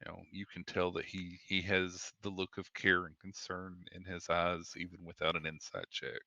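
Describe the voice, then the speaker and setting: A man's voice: sits low, flat delivery, normal speed, pushed and bright, dry recording, dull audio. A man narrating a tabletop game as game master, describing scenes at length. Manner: descriptive, with fillers and restarts.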